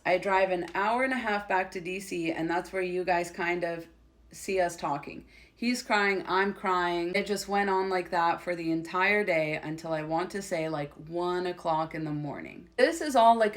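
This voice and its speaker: A woman's voice: fairly low pitch, moderate pace. A woman giving emphatic, opinionated commentary on a reality show, reading out quotes and reacting to them. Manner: reads quotes aloud, then opinionated and emphatic. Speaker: commentary creator.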